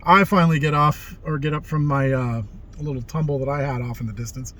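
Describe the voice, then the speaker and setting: A man's voice: on the high side, steady tone, fairly quick, bright, forceful tone. A middle-aged man casually telling rambling stories from his youth, livening up when he quotes people. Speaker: vlogger telling life stories. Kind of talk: casual storytelling.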